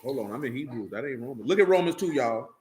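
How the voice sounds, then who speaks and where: A man, preaching a sermon, reading scripture slowly and asking rhetorical questions. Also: medium pitch, lively intonation, a little mellow. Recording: echoey room with faint noise.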